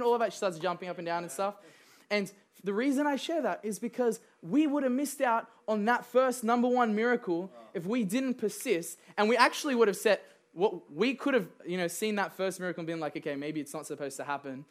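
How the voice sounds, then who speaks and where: A man's voice: high voice, a little fast, fairly bright tone. Young man, preacher, chatty sermon storytelling, laughs often. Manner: conversational storytelling with frequent laughs and fillers.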